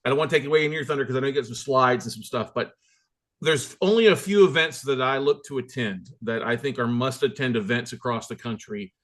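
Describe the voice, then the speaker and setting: A man hosting a show, energetic and enthusiastic as he introduces and interviews a guest. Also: mid-range voice, fast talker. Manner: hyped, enthusiastic, emphatic. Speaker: podcast host.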